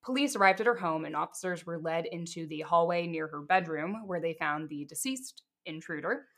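Woman podcast host walking through a crime case, a bit low voice, casual asides. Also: animated, brisk, a bit bright. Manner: reads case details steadily, adds casual asides. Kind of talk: casual true crime storytelling.

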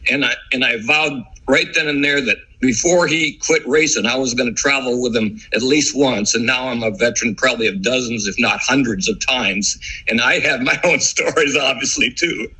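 A man's voice: mid-range voice, sharp tone, husky, poor audio. A middle-aged man, a guest author, telling long rambling stories in a casual chat with many restarts. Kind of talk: casual storytelling.

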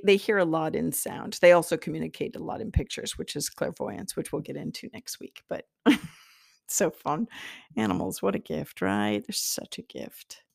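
A woman talks through her podcast in a loose, rambling way, laughing often and speaking straight to the listener. Her voice sits low with a gravelly edge. The sound is close and dry, with no room around it. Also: darkish tone, dry recording. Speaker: podcast host, psychic teacher. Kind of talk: casual monologue.

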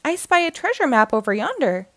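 A woman's voice: high-pitched, sing-song, fairly quick, fairly bright tone, no echo, voice pushed up. A woman voicing a young boy who plays a cheerful pirate in a read-aloud storybook, with hearty, playful pirate talk.

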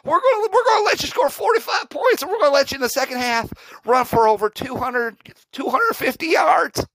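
A man doing a mocking impression of a boastful, blustering male football coach who shouts self-important warnings. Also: extremely high pitch, animated, brisk, no echo, voice pushed up, full character voice, poor audio.

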